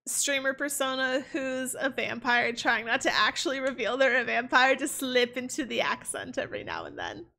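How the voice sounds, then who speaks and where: Young woman, streamer, casual rambling chat, bright tone. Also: high voice, very animated, normal speed, gravelly, hardly any pauses. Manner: rambling, full of fillers and restarts. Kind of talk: casual chat while gaming.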